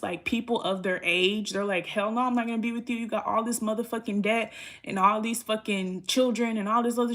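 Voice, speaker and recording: Blunt, profane woman reading tarot. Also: medium pitch. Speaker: tarot reader.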